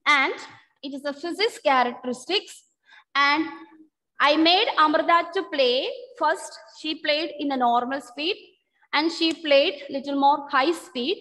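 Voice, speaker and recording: A woman teacher giving an online science lesson, patiently repeating key terms slowly so students can take notes. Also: high voice, sharp tone, long reverb tail.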